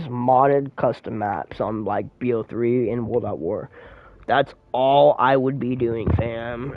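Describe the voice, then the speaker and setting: A man's voice: a little high, no room sound, narrow, tinny audio. A young man streaming a game live, rambling in heavy slang and swearing in exasperation as he plays. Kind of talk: live-streamed gameplay commentary.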